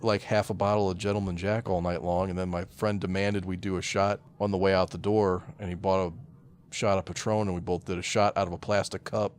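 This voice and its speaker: Deep-voiced male co-host, 40s, relaxed dry banter. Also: fairly quick. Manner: laid-back, dry interjections and short quips. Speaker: podcast co-host. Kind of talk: casual chat.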